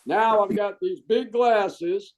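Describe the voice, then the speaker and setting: A middle-aged man, a Marine veteran, telling stories in a casual interview, animated and jokey and saying "man" a lot. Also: high-pitched, takes it slowly, rough recording.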